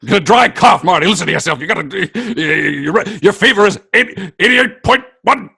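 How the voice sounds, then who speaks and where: A frantic older mad scientist, put on by a man, urgent and excitable. The voice jumps well above his own and stays loud and pushed. It is a comic impression in a casual chat. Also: sits high, a little fast, gravelly, slightly rough, pitched above the performer's own voice, exaggerated voice.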